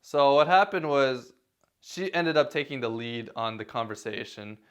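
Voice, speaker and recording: A man's voice: mid-range voice, moderate pace, clean tone. A man vlogging casual advice in a self-deprecating way, chuckling now and then. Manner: self-deprecating, many fillers and restarts, chuckles. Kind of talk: casual talking-head advice.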